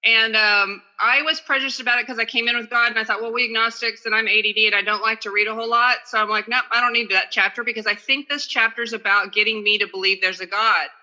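A woman's voice: on the high side, fairly even intonation, fast, hardly any pauses, sharp tone, dull audio. A woman speaking at a recovery meeting over a phone video call, in casual, chatty and self-deprecating talk, sometimes reading aloud.

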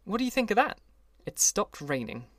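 This is a man voicing a charming, wealthy young gentleman from an audiobook. He speaks in a raised, eager voice, stretching his words with effusive delight. The recording is close and dry. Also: high voice, sing-song, normal speed, no room sound, voice pushed up, heavily acted. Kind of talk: audiobook character reading.

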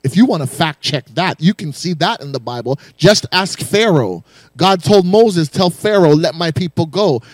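A man's voice: fairly high pitch, lively intonation, normal speed, no room sound. A male pastor preaching a sermon in rhythmic, repeating phrases and calling out to the congregation for praise. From raised in a West Indian home. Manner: rhythmic preaching with call-and-response exhortations.

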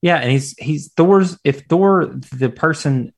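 A man's voice: a little high, slow, vocal fry. A man co-hosting a podcast in casual chat, rambling loosely with lots of "like". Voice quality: loose, rambling, uses filler "like". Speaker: podcast co-host.

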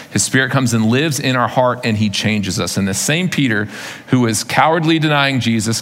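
A man's voice: mid-range voice, a bit bright. A male pastor preaching a sermon to his congregation in a church, in a conversational way that mixes rhetorical questions with vivid retelling. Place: church sanctuary. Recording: long reverb of a large hall.

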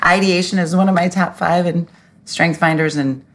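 Low-voiced woman hosting a candid chat. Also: steady tone, normal speed. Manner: candid, laughs often, swears casually. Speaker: podcast host. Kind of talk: casual chat.

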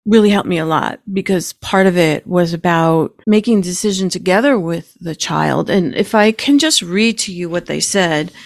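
A middle-aged woman hosting a podcast, speaking gently and with feeling, holding back tears at times. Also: on the low side, vocal fry, no room sound, studio quality. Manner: gentle and emotional, keeps herself from crying. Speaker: podcast host. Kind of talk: casual spiritual podcast talk.

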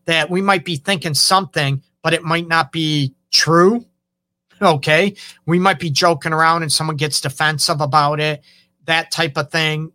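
A man's voice: fairly high pitch, fairly even intonation, moderate pace, pushed and bright. A man hosting a relationship advice show as a counselor, talking casually and often checking in with "okay?" and "you know".

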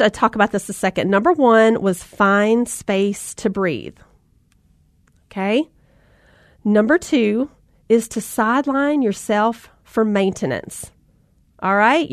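A middle-aged woman with a slightly high voice talks straight to mothers in a bright, folksy, encouraging way. The sound is close and dry, with no room around it. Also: dry recording. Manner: upbeat, folksy, addresses listeners as "mama" and "y'all". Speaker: motivational speaker for mothers. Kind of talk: motivational talk with anecdotes.

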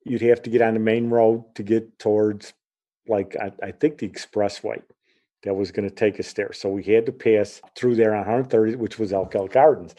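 A man's voice: fairly low pitch, moderate pace. A middle-aged man from Chicago telling a personal story in a casual way, acting out the voices of the people in it. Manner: animated, acts out the voices in his story.

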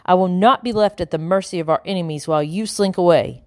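A woman voicing a proud, frightened colonial lady who makes shrill demands. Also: fast talker, dry recording, studio quality, natural voice. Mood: pleading.

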